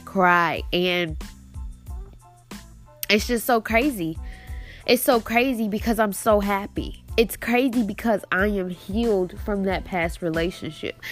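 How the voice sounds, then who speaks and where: Young woman podcaster, teary and sniffly, talking slow about her faith, says "like" a lot, faint music under. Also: medium pitch. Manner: emotional, earnest, heavy use of "like". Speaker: podcast host. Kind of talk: faith-based personal testimony.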